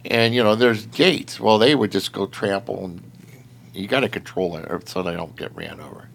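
This man's lowish voice is creaky, and he talks at normal speed. Recounting patrol work casually, he rambles with lots of filler words and keeps laughing, animated as he tells it.

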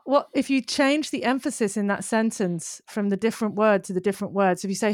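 A woman who works as a copywriter, talking as a podcast guest in a casual, animated and opinionated way. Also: medium pitch, fairly quick, hardly any pauses, no room sound, clean studio sound. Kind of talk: casual conversation.

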